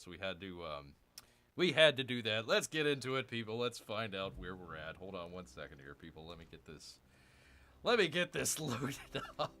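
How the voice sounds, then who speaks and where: Excitable bright-voiced male streamer. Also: mid-range voice. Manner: excitable, chatty, keeps addressing viewers as "people". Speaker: game streamer. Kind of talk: casual livestream chat.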